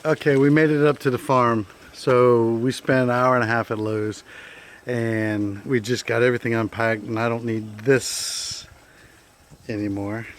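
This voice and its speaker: A man chatting casually in a video diary outdoors on his farm, with a relaxed manner. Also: medium pitch. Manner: relaxed, chatty, repeats "anyhow". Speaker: vlogger. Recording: outdoor camera audio with rain noise. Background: rain.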